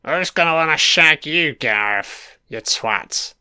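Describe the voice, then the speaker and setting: A man's voice: a little high, animated, slow, few pauses, pushed and bright, clean tone, dry recording, clean studio sound. A man giving crude, profane live reaction commentary while watching an episode. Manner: crude, profane running remarks.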